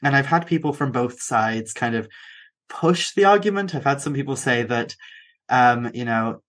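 A young man with a Welsh accent, hosting a podcast and chatting casually, with quick asides and frequent restarts. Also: medium pitch, animated, a bit bright. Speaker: podcast host. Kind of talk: casual conversation.

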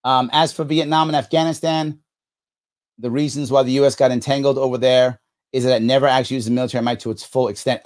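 A man's voice: high voice, normal speed. A man in his fifties reacting to viewer comments, indignant and emphatic, repeating lines for effect. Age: 50s. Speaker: podcast host reacting to comments.

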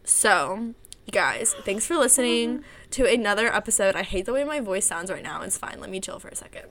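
A woman's voice: mid-range voice, lively intonation, brisk, a bit bright, a little hiss or hum. A young woman co-hosting a podcast, chatting casually, giggly and self-mocking. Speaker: podcast co-host. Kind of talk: casual chat.

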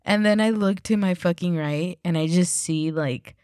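A woman's voice: on the low side, moderate pace, a little mellow, no room sound, studio quality. A woman co-hosting a casual podcast, telling a rambling story full of "like" and swearing. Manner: rambling, swears, heavy use of like. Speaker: podcast co-host.

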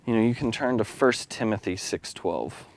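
A man's voice: fairly low pitch, normal speed. A man preaching a sermon as a lay leader, speaking candidly and confessionally, with restarts and small laughs.

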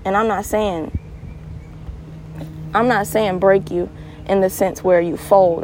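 Young woman podcast host, animated solo talker, mid-range voice. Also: mid-range voice, slow, long pauses, a little hiss or hum, poor audio. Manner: animated storyteller, laughs often, swings to earnest advice. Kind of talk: casual solo monologue.

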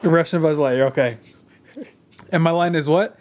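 Man, co-host, casual chat, playful, laughs often, fairly high voice. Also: normal speed, darkish tone.

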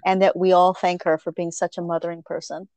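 A woman's voice: fairly low pitch, little pitch movement, fairly quick, a little mellow, dry recording. A woman co-hosting a podcast, talking in a casual, enthusiastic and emphatic way. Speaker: podcast co-host. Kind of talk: casual chat.

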